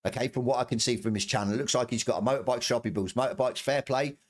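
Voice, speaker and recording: A middle-aged man vents on his stream in a heated, profane rant. He stumbles, restarts and repeats phrases as his temper climbs, with an average-pitched voice. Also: fast. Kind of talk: angry ranting commentary.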